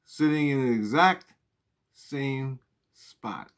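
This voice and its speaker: A man's voice: mid-range voice, animated, slow pace, fairly bright tone. A man casually telling a personal spiritual story, swearing freely and talking in an earnest, conversational way.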